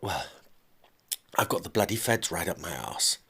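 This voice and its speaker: A man with a deep voice voicing a panicking businessman ex-husband, putting on a gaspy, raspy, strained voice that sounds frantic and breathless in a spoken story. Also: big pitch swings, moderate pace, bright, forceful tone, exaggerated voice. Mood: panicked.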